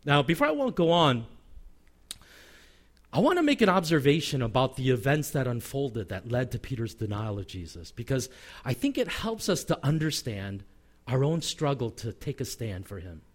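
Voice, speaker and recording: A man preaching a sermon as pastor, acting out quoted lines and letting his voice drop low at the ends of phrases. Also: normal speed. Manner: animated, acts out quoted voices; drops pitch and volume at phrase ends.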